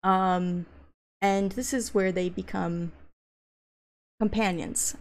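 A woman's voice: mid-range voice, fairly even intonation, takes it slowly, gravelly, pauses often. A young woman giving a casual academic presentation, reading book passages aloud. She hesitates often with ums and uhs, and turns blunt and profane when she gets worked up. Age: young adult. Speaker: graduate student presenter.

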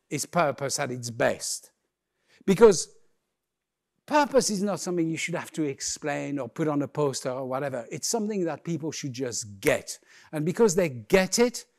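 A man's voice: fairly high pitch, a little mellow. A man giving a humorous, conversational keynote talk on a conference stage, full of playful asides. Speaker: keynote speaker.

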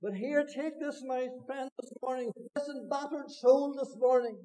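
A man with a Northern Irish accent, preaching a sermon as pastor, swinging between loud cries and hushed low lines. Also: normal speed, low-quality recording. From Northern Ireland. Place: church meeting hall.

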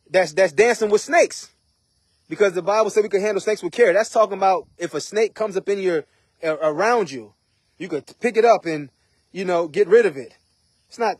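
A man's voice: high voice, a little mellow, slightly rough, dry recording, studio quality. A man preaching an informal sermon in a conversational way, often asking "right?" and "you know". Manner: conversational, repeats rhetorical questions.

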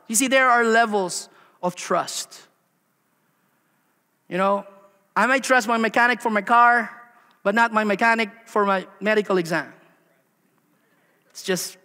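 A man preaching a sermon as pastor, animated, full of rhetorical questions and acted-out quotes, in a church. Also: very high-pitched. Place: church sanctuary. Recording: long hall reverb.

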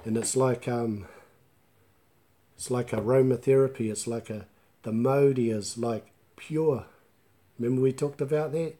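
A man teaching Māori in a relaxed live online class, mixing Māori words into chatty English and joking with viewers. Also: medium pitch. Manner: laughs easily and jokes with viewers.

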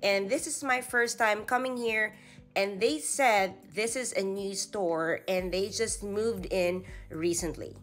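A woman's voice: mid-range voice, slow, soft background music. A woman vlogger giving casual shop-along narration inside a retail store, chatting about the items as she browses. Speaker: vlogger host.

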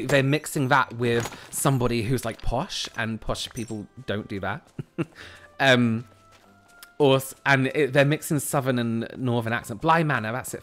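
A man's voice: medium pitch, fairly bright tone. A man from the West Country of England, chatting casually while streaming a game, rambling and often breaking off mid-sentence. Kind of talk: casual chat while gaming.

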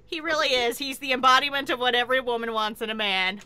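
A woman chatting casually while playing a video game, excitable and quick to swear and laugh. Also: a little high, clear, resonant tone. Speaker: game streamer. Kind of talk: casual gameplay commentary.

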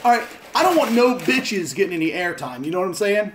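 A man's voice: high voice, sing-song, fast talker, a bit bright, slight background noise. A man chatting casually and profanely on a live stream, joking and rambling as he opens fan mail at home. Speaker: vlogger opening fan mail. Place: home in Las Vegas.

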